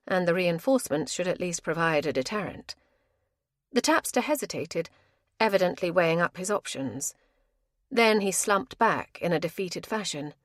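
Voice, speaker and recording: A woman narrating an audiobook in a measured storytelling manner. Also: fairly low pitch, no echo, clean studio sound. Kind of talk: scripted narration.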